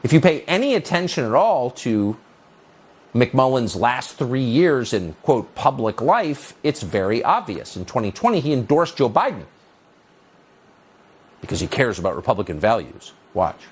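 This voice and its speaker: A man's voice: very animated, moderate pace, husky. A man hosting a cable news opinion segment, delivering a mocking, sarcastic monologue. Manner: mocking, sarcastic, pitch leaping on jeers.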